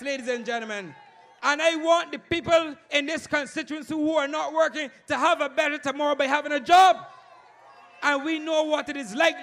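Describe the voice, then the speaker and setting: A man with a Barbadian accent giving a fiery campaign rally speech, shouting and repeating his address to the crowd. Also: very high-pitched. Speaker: political candidate.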